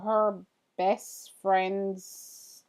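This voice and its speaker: Unhurried Antiguan woman chatting with viewers. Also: mid-range voice, little pitch movement, a little mellow. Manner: chatty, reacts to viewer comments, curious. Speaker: livestream host. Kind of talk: casual chat with live viewers.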